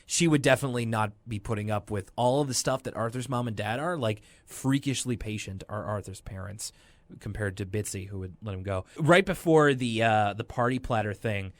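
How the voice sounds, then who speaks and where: A man's voice: on the low side, brisk, no echo. Man chatting loosely on a dry mic. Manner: loose, rambling, retells scenes with quotes. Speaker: podcast co-host. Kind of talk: casual chat recapping a cartoon.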